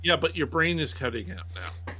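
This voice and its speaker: A man's voice: a little high, sing-song, moderate pace, pushed and bright, husky, poor audio. Man giving brief, teasing podcast asides. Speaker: podcast co-host. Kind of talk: casual chat.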